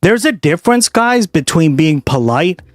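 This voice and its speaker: Animated, foul-mouthed male livestream host. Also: a little high, normal speed, no echo. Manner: animated, profane, chatting with viewers. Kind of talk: casual stream chat.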